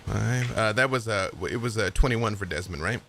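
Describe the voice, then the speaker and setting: A man's voice: on the low side, moderate pace, vocal fry, a bit bright, a little hiss or hum. A man narrating a tabletop game as game master in a laid-back way, with fillers.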